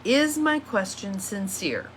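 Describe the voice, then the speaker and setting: A woman's voice: mid-range voice, sing-song, takes it slowly, fairly bright tone, slight background noise. A woman, an empowerment coach, talking through self-reflection questions in a casual teaching monologue, reading each question aloud and repeating it.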